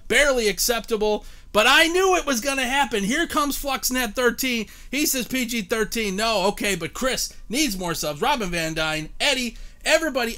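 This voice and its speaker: A man's voice: very high-pitched, lively intonation, moderate pace, hardly any pauses, sharp tone. A man in his thirties hosting a live-streamed game show, joking and chatting with viewers by name.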